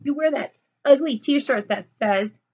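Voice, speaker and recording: A woman voicing a bossy, furious little girl who yells her demands. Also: sits high, unhurried, dull audio, voice pushed up. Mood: complaining. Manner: demanding, yelling.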